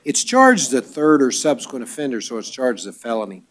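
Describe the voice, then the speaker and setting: A man presiding as judge at a court bond hearing, reading charges briskly and dropping dry wisecracks. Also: mid-range voice, huge pitch swings, a bit bright.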